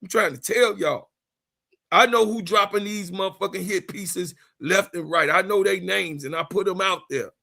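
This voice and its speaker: Gravelly, bright-voiced man ranting on a livestream. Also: high voice, normal speed. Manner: profane, repetitive, raises voice into shouts. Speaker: sports channel host. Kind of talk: heated livestream rant.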